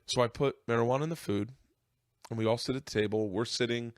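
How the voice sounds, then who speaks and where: A man's voice: steady tone, fast talker, dry recording, clean studio sound. Man telling a story that chokes him up. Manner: emotional, voice rising high as he tears up. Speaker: podcast host. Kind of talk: storytelling in casual podcast chat.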